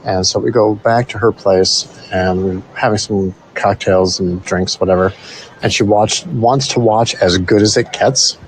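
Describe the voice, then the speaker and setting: A man with a low voice tells a rambling story into a phone voice note, with faint noise hissing behind him. He talks casually, swears a lot and is from the United States. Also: measured pace, poor audio. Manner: animated, swearing, mimics voices in quotes. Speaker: listener telling a story by voice note.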